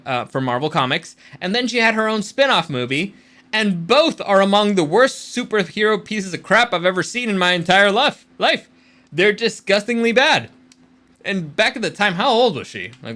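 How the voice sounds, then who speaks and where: A man's voice: high voice, pushed and bright. A man hosting a channel and speaking as a screenwriter, giving casual rant-style commentary in a rambling, blunt way with free swearing.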